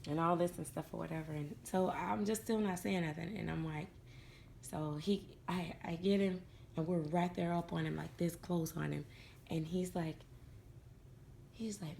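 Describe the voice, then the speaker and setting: A middle-aged woman, a doll collector vlogger, chats casually with her viewers in a low, gravelly, darkish voice at normal speed with fairly even intonation, over slight background noise. She tells a funny story about her dolls, laughing along as she acts out what others said.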